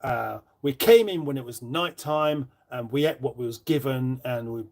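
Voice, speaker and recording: A man's voice: medium pitch, moderate pace, a little mellow. A middle-aged man hosts a casual live stream from his kitchen, reading out viewer comments with rambling, dry, self-mocking banter. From northern England. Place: home kitchen.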